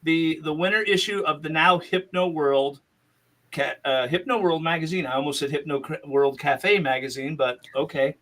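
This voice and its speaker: A chatty man hosts a relaxed podcast chat. His voice sits high and sounds bright and forceful, and his talk rambles with frequent laughter. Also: normal speed. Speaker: podcast host.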